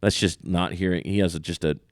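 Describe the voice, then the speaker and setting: Male podcast co-host, low register, dry sound, animated and scoffing in banter. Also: brisk, no echo. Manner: animated, ranting, dismissive. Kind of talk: casual chat.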